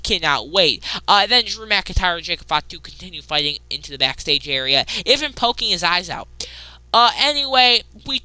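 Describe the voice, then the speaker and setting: A woman hosting a casual wrestling recap, excitable, jumping between loud outbursts and muttered asides. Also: fairly low pitch, moderate pace, smooth, dry recording.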